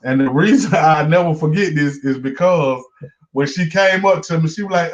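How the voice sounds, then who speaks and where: A man's voice: fairly high pitch, normal speed. A man with a Southern accent, hosting and telling a rambling, profane story in a casual chat. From Georgia, US. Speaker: host, comedian. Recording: muffled lo-fi stream audio.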